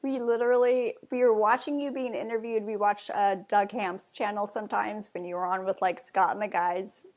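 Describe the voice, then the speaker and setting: A woman's voice: mid-range voice, steady tone, moderate pace, darkish tone. A woman talking as a podcast guest in a casual, chatty way, rambling with many fillers. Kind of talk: casual conversation.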